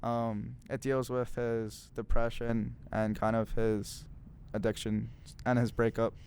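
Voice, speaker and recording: A man's voice: mid-range voice, flat delivery, slow pace, creaky, darkish tone, slight background noise. A young man co-hosting a casual podcast, rambling with lots of fillers and frequent laughter. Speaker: podcast co-host. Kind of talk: casual chat. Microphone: studio mic.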